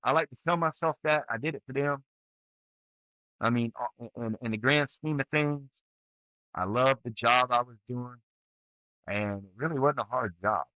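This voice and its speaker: The guest is a retired Army sergeant first class from the United States, in his forties, whose mid-range voice keeps a moderate pace. In a candid interview he tells service stories bluntly, swearing plenty and voicing animated quoted outbursts; the recording is muffled with no room sound.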